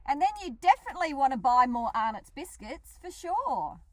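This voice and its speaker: A woman's voice: high voice, sing-song, moderate pace, no echo. A middle-aged Australian woman, a regular on a radio show, chatting casually and animatedly, laughing often.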